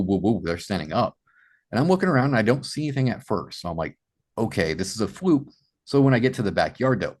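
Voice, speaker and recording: A man from Massachusetts, a podcast guest, telling his story in an animated way with many "you know" fillers. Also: on the low side. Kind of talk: storytelling in an interview.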